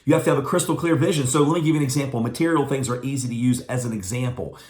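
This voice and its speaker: A man giving a motivational business training, telling stories fast and with energy. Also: medium pitch. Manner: fast, animated storytelling. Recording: echoey room.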